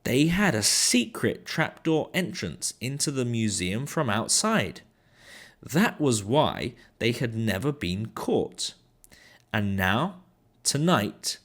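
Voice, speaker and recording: A man, an English teacher, reading a children's book aloud in an expressive storytelling manner. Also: mid-range voice.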